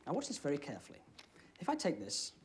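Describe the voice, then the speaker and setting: A young British man performing comedy magic, chatting with a volunteer and dropping deadpan one-liners. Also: fairly high pitch, fast. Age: young adult. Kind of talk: comic magic patter. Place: TV studio with live audience. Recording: studio audience noise behind.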